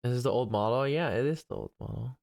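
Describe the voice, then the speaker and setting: A tired man streaming live, chatting casually in a playful, rambling way with a slight rasp. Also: mid-range voice, fast talker, a little mellow. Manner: playful, rambling, with many restarts.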